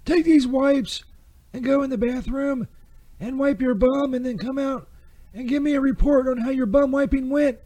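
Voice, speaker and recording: A squeaky-high, mellow-toned Saint Peter, put on by a man, fumbles through a crude comedy ad, restarting and second-guessing every take. He stammers and drifts into sarcasm. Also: fairly even intonation, normal speed. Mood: fumbling. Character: bumbling crude male Saint Peter doing ad takes. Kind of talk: comedy ad-read sketch.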